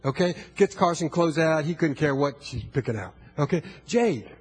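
A man, older, preaching a sermon, moving from low, quiet storytelling to loud, fervent exhortation. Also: lively intonation, normal speed, breathy edge. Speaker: pastor.

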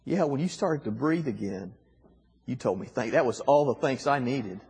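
A middle-aged man with a husky voice, telling a heartfelt personal story as a guest speaker, his voice dropping soft at emotional moments. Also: lively intonation, normal speed. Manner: emotional, voice dropping soft and rising high in quoted lines. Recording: long hall reverb.

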